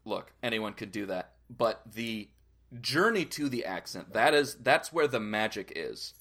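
Man, comedy podcast co-host, bright voice, deadpan-ish jokes. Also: on the low side, measured pace. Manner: jokey, mock-serious. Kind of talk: casual comedic chat.

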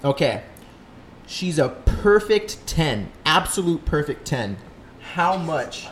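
A man's voice: fairly high pitch, big pitch swings, slow, a little hiss or hum. A man co-hosting a podcast in casual chat, joking and crude. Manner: joking, crude, laid-back. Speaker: podcast co-host.

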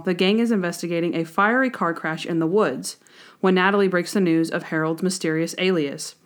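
A woman co-hosting a podcast, first narrating an episode summary, then chatting about it animatedly with frequent laughs. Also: lowish voice. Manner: animated, laughs often, acts out quotes. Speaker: podcast co-host. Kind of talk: casual chat recapping a TV episode.

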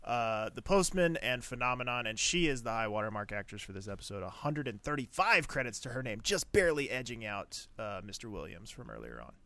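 A man hosting a casual TV recap podcast, animated and chatty, often laughing. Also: medium pitch, a little fast, few pauses, no room sound. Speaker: podcast host.

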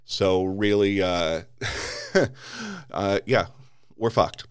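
A man's voice: fairly low pitch, big pitch swings, very slow, clear, resonant tone, no room sound, clean studio sound. A man hosting a podcast, delivering an angry political rant full of swearing and stumbling restarts. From United States. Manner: heavy swearing, repeated restarts.

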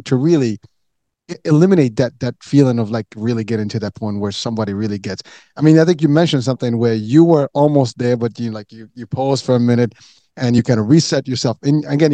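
Asking long, rambling questions packed with fillers and restarts, a male interview host speaks in a mid-range voice with a dark tone, captured in a dry recording.

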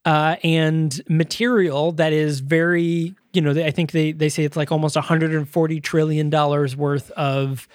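A man co-hosting a casual movie review chat, retelling scenes in an animated way. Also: on the high side, no room sound, clean studio sound. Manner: animated retelling, slipping into quick impressions. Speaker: podcast co-host.

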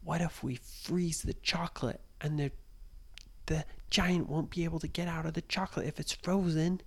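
Man voicing a hushed young boy adventurer. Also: on the high side, fairly even intonation, normal speed, vocal fry, pitched above the performer's own voice. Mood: eager. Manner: hushed, half-whispered warnings. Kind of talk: bedtime story voice.

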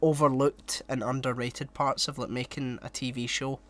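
A man's voice: mid-range voice, flat delivery, normal speed, a bit bright. A man co-hosting a podcast in casual chat, joking at his own expense and swearing casually, with a sore, coughing throat. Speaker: podcast co-host.

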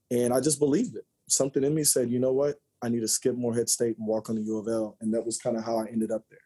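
Husky, mellow-voiced man telling stories. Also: medium pitch, fast talker, hardly any pauses. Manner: lively, joking storyteller. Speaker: podcast guest, former college basketball player. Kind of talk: storytelling interview chat.

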